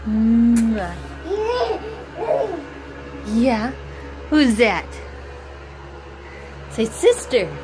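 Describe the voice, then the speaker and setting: A woman filming her babies at home on a handheld phone, talking in a gentle, coaxing, sing-song baby voice. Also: on the high side, lively intonation, very slow, pauses often, over loud music. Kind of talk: home video baby talk. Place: family home.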